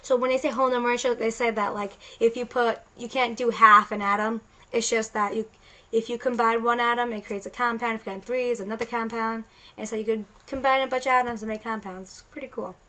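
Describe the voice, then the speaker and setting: Chatty woman teacher, fairly high voice. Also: fairly even intonation, fast talker, bright, forceful tone, rough recording. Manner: casual, chatty explaining with many restarts. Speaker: science teacher. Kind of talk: recorded classroom lecture.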